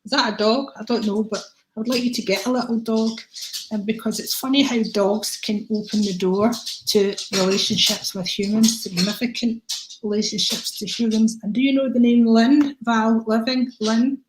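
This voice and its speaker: A woman's voice: fairly high pitch, steady tone, normal speed, background noise. A woman doing a live-stream card reading, chatty and affectionate, calling viewers by name. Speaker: psychic card reader. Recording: echoey room.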